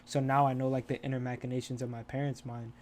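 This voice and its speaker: A man's voice: medium pitch, level tone, quick pace, a little mellow, slight background noise. A young man on a podcast, talking candidly and rambling, with lots of swearing and restarts. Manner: rambling, profane, restarts often. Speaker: podcast co-host. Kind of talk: casual candid chat.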